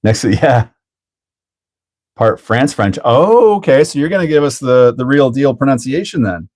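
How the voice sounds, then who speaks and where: A man's voice: mid-range voice, animated, unhurried, a little mellow. A man hosting a hobby livestream in casual chat, joking, laughing often and answering chat as he builds a kit.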